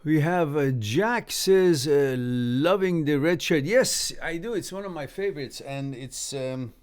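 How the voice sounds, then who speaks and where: A man's voice: on the high side, a little slow. A man from Canada hosting a live stream, reading viewer comments aloud with chuckles and upbeat asides. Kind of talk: casual live-stream chat.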